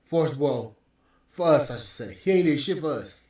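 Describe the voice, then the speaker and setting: A man's voice: a little high, animated, moderate pace, darkish tone. A man hosting a podcast, ranting with profane, scornful commentary. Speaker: podcast host. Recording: very echoey room, mic at distance.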